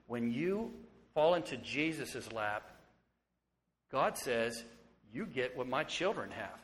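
A man in his forties preaching a sermon as pastor, swinging from hushed, tender moments to loud, excited ones. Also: mid-range voice, slow, slight background noise. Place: church sanctuary. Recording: long hall reverb.

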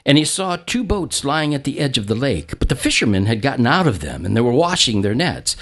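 Animated man preaching a lively sermon. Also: brisk. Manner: animated, acts out quotes with a jumping pitch; stammering restarts, chuckles now and then. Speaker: pastor. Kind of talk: sermon with scripture reading.

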